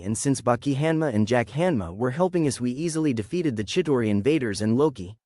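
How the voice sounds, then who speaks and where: A man tells a made-up story in the first person, off the cuff, linking each event with "and then". His voice sits at an ordinary middle pitch and sounds close and dry, with no room around it. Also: expressive, fairly quick, few pauses, mellow, no echo. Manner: plain, repetitive telling with constant "and then I said".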